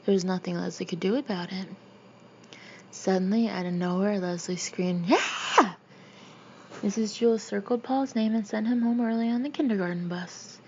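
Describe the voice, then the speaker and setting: A woman reads a children's story in a steady, plain narrating voice. Her tone has a slight gravelly edge. The recording sounds dull and muffled, with a faint hiss underneath. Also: mid-range voice, moderate pace. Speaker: audiobook reader.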